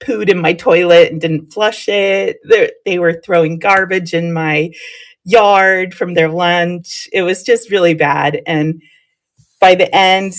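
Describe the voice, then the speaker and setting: A woman's voice: lowish voice, steady tone, takes it slowly. A woman chatting with her live viewers, telling stories and laughing often. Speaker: live streamer. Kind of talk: casual chat with live viewers.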